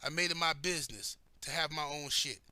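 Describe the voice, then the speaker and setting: A man's voice: a little high, fairly quick, sharp tone, clear, resonant tone, no echo. A man telling personal stories in a blunt, heated way, cursing heavily as he talks. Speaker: commentator. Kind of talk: profane personal storytelling.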